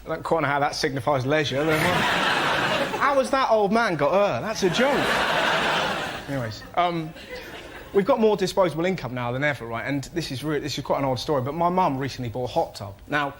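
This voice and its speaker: A young man doing a stand-up comedy routine, telling excitable stories and shouting his punchlines. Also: fairly high pitch, a little fast. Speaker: comedian panellist. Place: TV studio with live audience. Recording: loud noise and audience laughter.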